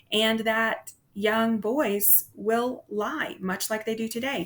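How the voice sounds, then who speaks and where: A woman's voice: mid-range voice, fairly bright tone. A woman teacher giving a casual literature lecture, with frequent "um"s and "okay?" check-ins to the class.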